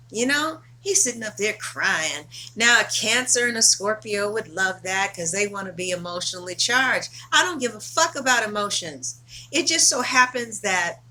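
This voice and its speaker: A woman's voice: a little high, bright, forceful tone. A woman tarot reader talking casually to camera, blunt, emphatic and full of swearing.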